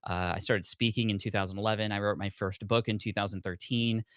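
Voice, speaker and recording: A man in his thirties, a podcast guest, telling his story in a lively way and acting out his past self. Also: fairly low pitch, a little fast, no room sound, studio quality. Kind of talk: storytelling in conversation.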